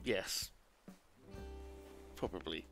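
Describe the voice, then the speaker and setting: A man's voice: extremely slow, music in the background. A man streaming a game live, chatting casually, swearing freely and muttering apologies to himself.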